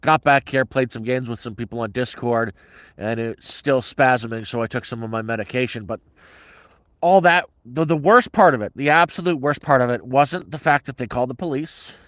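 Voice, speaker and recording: A man's voice: medium pitch, moderate pace, a bit bright, no room sound. Man livestreaming, middle-aged, blunt and profane, dry close sound. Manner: blunt, heavily profane, agitated ranting. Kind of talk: casual livestream storytelling.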